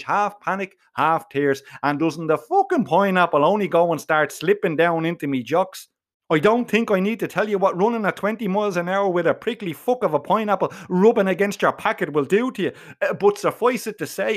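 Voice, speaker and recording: A man telling a comic first-person story, full of swearing and slang. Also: high voice. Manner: profane, slangy, animated.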